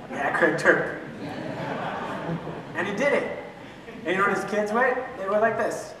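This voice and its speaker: A man teaching an adult church class, asking questions and answering them himself, with joking asides. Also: high voice. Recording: echoey hall from far off, faint room noise.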